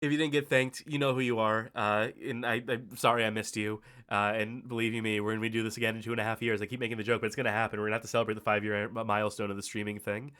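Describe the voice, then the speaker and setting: A man's voice: on the low side, flat delivery, a bit bright, smooth. Rambling, swearing male streamer host. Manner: heavy swearing, rambling, halting with many fillers. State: tired and emotional. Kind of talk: casual stream thank-you speech.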